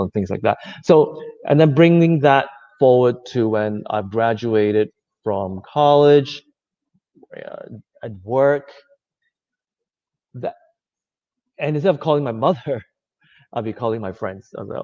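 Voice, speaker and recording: A man giving a reflective talk, speaking gently and conversationally, with many fillers. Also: lowish voice, measured pace. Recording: slightly dull lo-fi audio.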